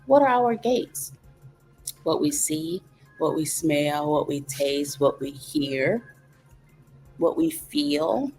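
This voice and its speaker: A woman hosting a reflective wellness talk, calmly teaching and walking through steps with rhetorical questions. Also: low-pitched, takes it slowly, long pauses, soft background music. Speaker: host.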